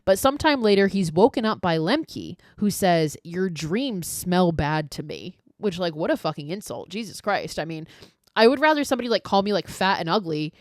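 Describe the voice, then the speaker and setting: A woman's voice: mid-range voice, expressive, brisk, no echo, studio quality. A woman hosting a podcast, recapping a film in a chatty, casual way, swearing freely and saying "like" often. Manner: chatty, profane, heavy use of "like". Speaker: podcast host.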